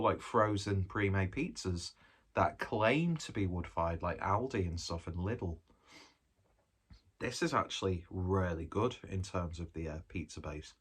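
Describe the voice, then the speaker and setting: A man's voice: sits low, lively intonation, a little slow, a bit bright, husky. A man, chatting casually while reviewing and eating a pizza, rambling from one aside to the next. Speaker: food reviewer. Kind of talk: casual food review vlog.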